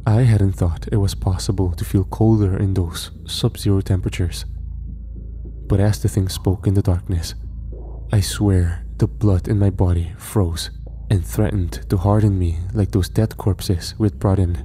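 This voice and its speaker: A man narrating a horror story in a measured storytelling manner. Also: deep voice, steady tone, warm tone, a little hiss or hum.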